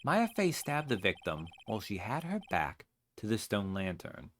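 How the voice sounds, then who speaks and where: Guy reading as a pushy young lawyer, low-ish voice with a lively lilt, game music soft behind. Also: normal speed, slight background noise. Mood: pressing. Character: earnest young male defense lawyer, sharp and pressing.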